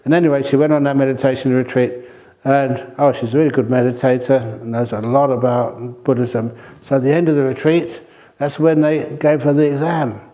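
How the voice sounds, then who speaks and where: Older male meditation teacher, mellow and warm in tone, unhurried storytelling with gentle humour at a retreat talk. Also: mid-range voice. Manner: humorous storytelling, relaxed and chatty. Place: retreat centre hall.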